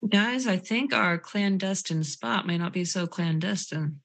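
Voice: mid-range voice, unhurried, creaky, fairly bright tone. A player in a tabletop roleplaying game who talks in a rambling, giggly way. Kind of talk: casual chat.

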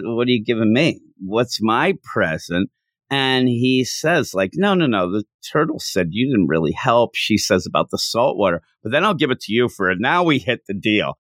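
Lively man chatting about comics. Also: mid-range voice, no room sound. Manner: animated, laughing, acts out quotes in voices. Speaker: podcast co-host. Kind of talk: casual chat.

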